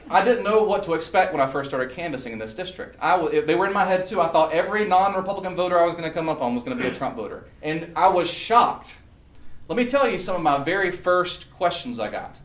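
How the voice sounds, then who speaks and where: A man's voice: high voice, animated, quick pace, a bit bright. A man giving a campaign speech at a meeting, earnest and pleading as he tells stories. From Southern US. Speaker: political candidate. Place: meeting room. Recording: echoey room, mic far off.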